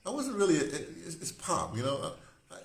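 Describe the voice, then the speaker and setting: A man's voice: on the high side, wildly swooping pitch, fairly quick, vocal fry. A man around seventy, hosting a rambling, casual monologue, often breaking off and circling back mid-thought. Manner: digressive, self-interrupting, conversational. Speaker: host. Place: room, indoors. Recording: echoey room with faint hiss.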